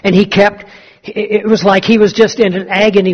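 High-voiced preaching man, dull recording. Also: flat delivery. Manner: storytelling, then preaching with slow emphasis. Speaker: pastor. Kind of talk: sermon.

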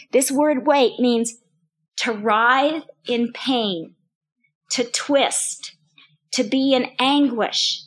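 Older female Bible teacher, high pitch, earnest personal sermon delivery. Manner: earnest, personal, repeats phrases for emphasis.

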